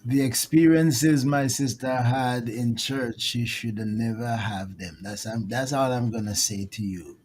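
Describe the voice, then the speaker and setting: A man hosting a ministry interview, speaking in a halting, reflective way with many restarts. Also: medium pitch, darkish tone, slight background noise. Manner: halting, repeats words, reflective. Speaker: host, minister.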